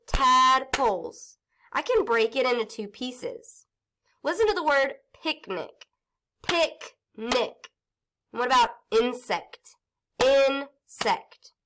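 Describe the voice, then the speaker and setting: A woman teaching a phonics lesson to young children, stretching words out and sounding them slowly. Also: on the high side, fairly bright tone. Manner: slow, sing-song teacher talk, stretching out words and sounds.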